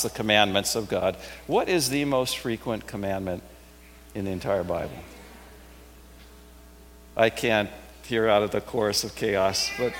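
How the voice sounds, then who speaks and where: A man delivers a sermon in a relaxed, conversational way, often dropping to a gentle, reassuring repetition. His voice carries a long reverb from a large hall, with a faint hum underneath. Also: medium pitch. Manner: conversational, reflective, with soft emphatic repetitions. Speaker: preacher.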